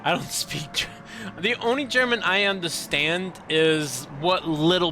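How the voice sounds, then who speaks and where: A man's voice: fairly high pitch, a little slow, pushed and bright, a little hiss or hum. A man streaming a game and chatting with his viewers in a joking, self-deprecating way. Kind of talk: casual live-stream chat while playing. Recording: game music playing clearly behind.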